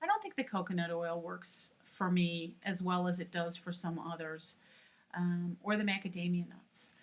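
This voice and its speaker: A woman's voice: on the low side, moderate pace. A middle-aged woman chatting frankly to camera in a casual vlog, with many fillers. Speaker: vlogger.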